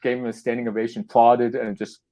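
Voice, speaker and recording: Middle-aged man telling a lively story. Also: mid-range voice, quick pace. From Canada. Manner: animated, laughing, acting out quotes, many restarts. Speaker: guest playwright and actor. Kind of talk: casual anecdotal storytelling.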